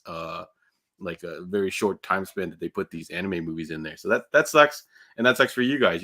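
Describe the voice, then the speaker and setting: Low bright-toned joking man. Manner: relaxed, joking, rambling with fillers. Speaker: podcast co-host. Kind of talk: casual chat.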